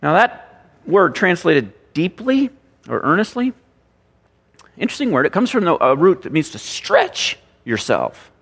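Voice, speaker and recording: A man pastor preaching a sermon, animated and full of rhetorical questions and repeated phrases. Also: a little high, a little slow, vocal fry, breathy edge, long reverb tail.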